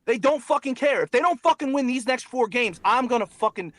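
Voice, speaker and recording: A man's voice: very high-pitched, animated, fairly quick, fairly bright tone, no echo. A young man hosting a sports talk show, ranting angrily and profanely about his team, repeating himself. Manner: angry, profane, repetitive ranting. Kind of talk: heated sports talk rant.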